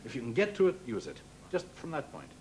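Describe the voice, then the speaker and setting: Courteous, lively man coaching a clarinetist. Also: medium pitch, fast, a little hiss or hum. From England. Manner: courteous, precise old-fashioned coaching. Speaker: clarinet teacher. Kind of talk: masterclass coaching. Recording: old worn television transfer with music.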